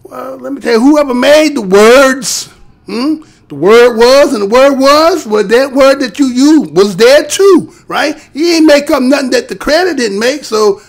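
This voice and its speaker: A man's voice: extremely high pitch, lively intonation, a little slow, gravelly. A man hosting his own live show, talking to viewers in a rambling, profane, streetwise way and often tagging "right?" onto his points. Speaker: host of a live streamed show. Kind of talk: casual rant to a live chat.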